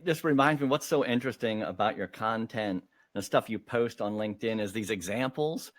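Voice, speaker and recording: A man's voice: on the low side, brisk, dry recording. A man hosting a casual interview, chatty with plenty of fillers and easy laughter. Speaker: podcast host.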